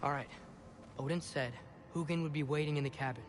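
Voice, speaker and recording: A man's voice: on the high side, a little fast, very noisy, lightly acted. An actor playing an earnest, slightly awkward teenage boy on a quest, in video game dialogue. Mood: determined. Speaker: player character. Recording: game audio over music.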